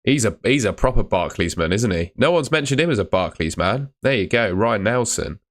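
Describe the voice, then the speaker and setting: A man's voice: lowish voice, expressive, fairly quick. A young man hosting a live fantasy football stream, chatting casually and answering comments. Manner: casual, chatty, uses mate and fillers.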